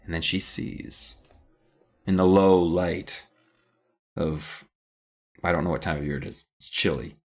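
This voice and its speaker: A man's voice: low-pitched, fairly even intonation. A man co-hosting a podcast, recapping a book in a jokey, casual way. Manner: jokey, does quick voices for characters. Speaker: podcast co-host.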